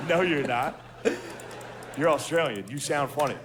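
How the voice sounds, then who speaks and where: A man's voice: a little high, animated, takes it slowly, long pauses. Profane self-mocking stand-up comedian, man. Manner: profane, self-deprecating storytelling. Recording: clear background noise.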